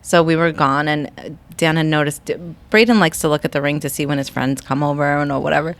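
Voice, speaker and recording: A woman's voice: low-pitched, steady tone, fairly quick. A forty-year-old woman co-hosting a podcast, chatting casually with lots of filler words. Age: 40s. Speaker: podcast co-host. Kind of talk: casual chat.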